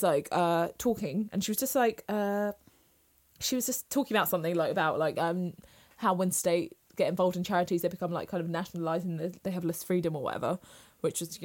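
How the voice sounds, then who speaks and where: Woman, young adult, fast and animated, casual chat. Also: lowish voice. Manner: animated storytelling, many "like" fillers.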